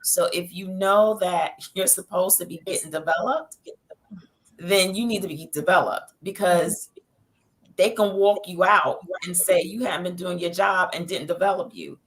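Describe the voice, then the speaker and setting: A woman's voice: fairly low pitch, normal speed, low-quality recording. A woman therapist on a panel, speaking directly and emphatically. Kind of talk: panel discussion.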